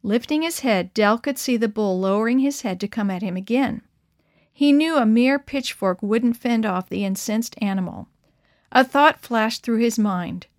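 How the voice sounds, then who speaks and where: Woman storyteller, bright higher voice, dry close sound, reads a children's story. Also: normal speed, no room sound. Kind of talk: storybook reading.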